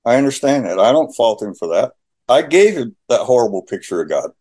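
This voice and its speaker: Speaking a little fast in a medium-pitched, slightly rough voice, a man recounts his faith testimony in conversation. He tells it with animation and acts out the dialogue.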